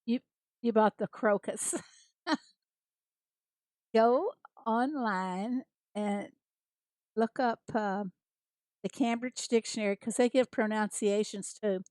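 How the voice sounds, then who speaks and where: An American woman streams a farming game and chats casually with viewers, greeting them by name and laughing often. Her slightly high, darkish voice moves slowly with frequent pauses, and there's no echo.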